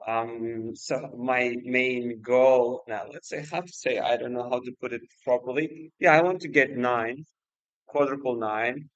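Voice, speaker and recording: A man's voice: mid-range voice, fairly even intonation, measured pace, no room sound, dull audio. A man hosting a casual livestream, speaking hesitantly with many fillers and restarts. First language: Uzbek. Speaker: livestream host and exam student.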